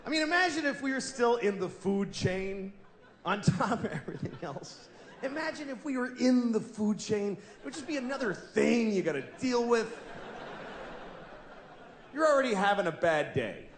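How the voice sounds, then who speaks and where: A man in his forties performing a stand-up comedy routine on stage, deadpan and exasperated, breaking into shouted voices now and then. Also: very high-pitched, normal speed. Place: large theater stage with a live audience. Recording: echoey live hall with audience noise.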